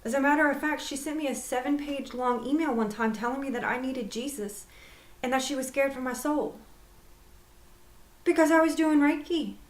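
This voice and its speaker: A woman's voice: high voice, normal speed. A woman who practises Reiki, talking candidly to camera and stretching out the words she wants to stress. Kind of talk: personal talk to camera. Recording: roomy echo.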